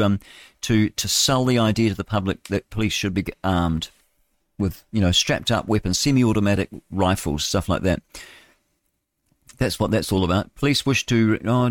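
A New Zealand man hosting talk radio, reading news aloud and wandering off into rambling asides, tripping over his words. His voice sits low, and the sound is close and dry with no room around it. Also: no room sound. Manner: rambling, stumbling, with chatty asides. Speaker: radio host.

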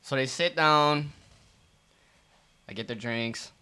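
A man co-hosting a podcast, telling a profane, animated story about his restaurant job with lots of fillers. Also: medium pitch, takes it slowly, clear, resonant tone. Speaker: podcast co-host. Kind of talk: casual storytelling rant.

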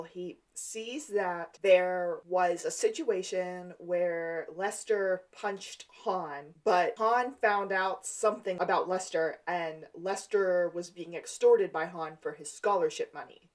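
A woman's voice: on the low side, slow pace, hardly any pauses. A woman co-hosting a podcast, casually retelling scenes from a TV episode and acting out the characters' lines. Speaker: podcast co-host. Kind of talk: casual recap chat.

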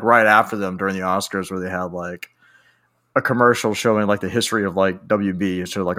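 Male podcast co-host, relaxed joker with a bright, forceful tone. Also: fairly low pitch. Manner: laid-back, laughs often, swears casually. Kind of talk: casual chat.

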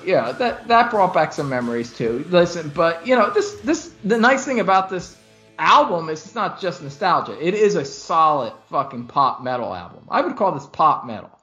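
A man hosting a casual music podcast, animated, laughing often and swearing freely. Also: sits high, moderate pace. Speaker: podcast host. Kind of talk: casual chat about music.

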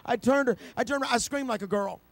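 A man preaching an impassioned sermon, swinging from quiet storytelling to shouted, excited passages. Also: very high-pitched, moderate pace, vocal fry.

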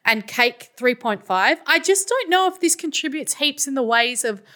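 A woman's voice: sits high, expressive, normal speed, bright, forceful tone. A woman co-hosting a podcast, chatting casually about songs, enthusiastic and laughing often. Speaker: podcast co-host. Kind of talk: casual chat reviewing songs.

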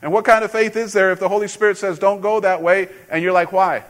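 Pastor guy telling stories in his sermon, kinda high voice, punches words loud sometimes. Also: little pitch movement, quick pace. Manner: storytelling, conversational with sudden loud emphasis.

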